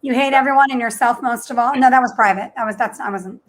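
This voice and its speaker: Female co-host, high-pitched, wry and teasing in casual banter. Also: fast talker, very noisy. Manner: dry, teasing interjections. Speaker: podcast co-host. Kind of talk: casual chat.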